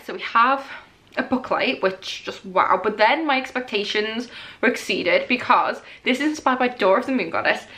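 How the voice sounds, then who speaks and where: A young woman chatting casually in a book unboxing vlog, excitable and gushing, often laughing as she talks. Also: mid-range voice. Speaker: book vlogger. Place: indoors at home, rain outside.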